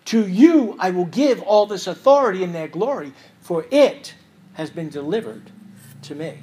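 A man preaching an expository sermon as pastor, reading scripture aloud and swinging between loud emphasis and quiet asides. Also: high voice, slightly rough.

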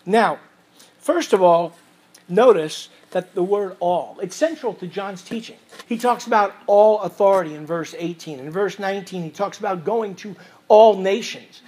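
A man preaching an expository sermon as pastor, reading scripture aloud and swinging between loud emphasis and quiet asides. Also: high-pitched, animated, moderate pace, husky.

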